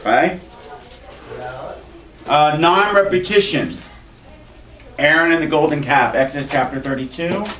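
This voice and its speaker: A rabbi in a synagogue classroom gives a loose Bible lecture with wry jokes, his voice a touch high for a man. He is picked up from across an echoey room by a distant mic. A faint hiss runs underneath. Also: unhurried, pauses often. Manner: lively, wry asides and joking. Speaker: rabbi teaching an adult class.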